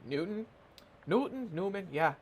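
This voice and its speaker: A man's voice: high voice, expressive, unhurried, pitched above the performer's own voice. A man voicing a modest handyman with a put-on Irish accent, rambling folksily. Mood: folksy.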